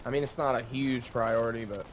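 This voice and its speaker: A young adult man livestreams a survival game, chatting casually, joking, swearing and laughing often. His medium-pitched voice is fairly even in intonation and fairly quick. A little hiss or hum sits under the audio.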